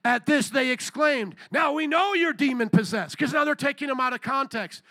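A male pastor preaching a conversational sermon, emphatic, bursting into raised shouts. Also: extremely high pitch, normal speed, no echo. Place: church sanctuary.

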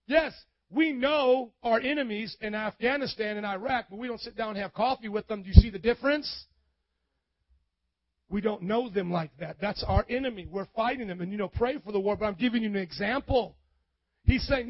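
A pastor preaching a sermon, acting out the excuses of his listeners in an animated way. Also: high voice, moderate pace, no echo, lo-fi sound.

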